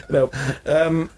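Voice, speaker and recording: A man's voice: high voice, noisy background. A young man co-hosting a casual podcast, telling family stories and laughing often. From Wales. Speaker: podcast co-host. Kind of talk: casual chat.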